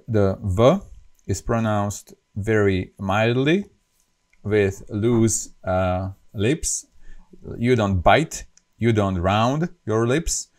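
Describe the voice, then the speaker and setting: A man's voice: fairly low pitch, a little mellow. A man with a Slovak accent teaching pronunciation, patiently repeating each sound several times. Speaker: language teacher. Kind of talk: pronunciation lesson.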